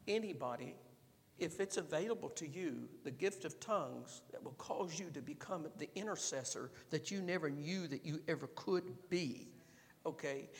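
Male pastor, high voice, emphatic swings from hushed to loud; reverberant hall sound. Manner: emphatic preaching, dropping low then building to loud exhortation. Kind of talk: sermon.

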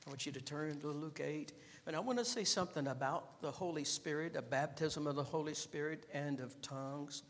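A man preaching a sermon as pastor, dropping his voice low and then building up to loud, emphatic exhortation. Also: fairly quick, long reverb tail.

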